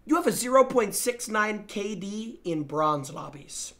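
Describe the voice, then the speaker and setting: Loud, teasing young male streamer. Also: high-pitched, a little slow. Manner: loud and excitable, teasing, swings between shouting and muttering. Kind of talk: live-stream chat reacting to viewer gameplay clips.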